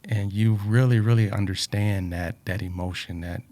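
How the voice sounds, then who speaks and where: A man's voice: fairly low pitch, steady tone, moderate pace, mellow. A man in a reflective personal talk, speaking earnestly about life lessons and often repeating words, emotional with a drying throat.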